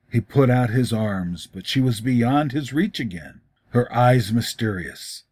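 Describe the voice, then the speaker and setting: A man reading a short story aloud in a measured, expressive way. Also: mid-range voice, husky, dry recording, studio quality. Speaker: story reader. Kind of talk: storybook narration.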